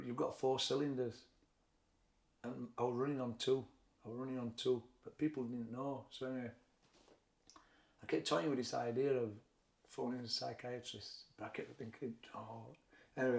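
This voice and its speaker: A man's voice: mid-range voice, creaky. A middle-aged man with a Sheffield Yorkshire accent, a boxing trainer telling his story frankly and reflectively in an interview. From Sheffield, England. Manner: frank, reflective, plain-spoken. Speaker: boxing trainer and former fighter. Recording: echoey room.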